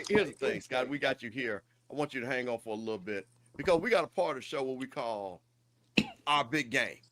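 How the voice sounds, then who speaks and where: Excitable middle-aged man, high voice. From Jackson, Mississippi. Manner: excitable, repeats himself, jumps in with "hey, listen". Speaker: show host. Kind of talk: casual sports talk show.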